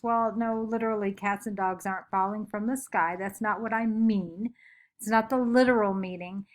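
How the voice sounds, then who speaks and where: A woman teacher giving a recorded lesson from home, chatty and upbeat, making playful sound effects. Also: mid-range voice.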